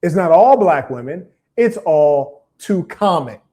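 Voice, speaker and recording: A man's voice: a little high, lively intonation, slow, dark tone. A man hosting a livestream, delivering a preachy, combative monologue and reading out viewer comments, with emphatic repetition. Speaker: live stream host.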